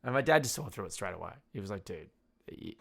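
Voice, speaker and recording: This young Tasmanian man hosts a podcast and delivers a loose, rambling solo rant full of swearing and laughter at his own tales. He talks in rapid-fire bursts, animated and creaky, at a fairly low pitch.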